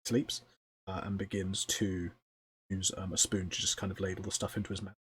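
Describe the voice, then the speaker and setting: A man narrating a tabletop game as game master, descriptive and unhurried, with frequent ums and uhs. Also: low voice, little pitch movement, fairly bright tone, breathy edge.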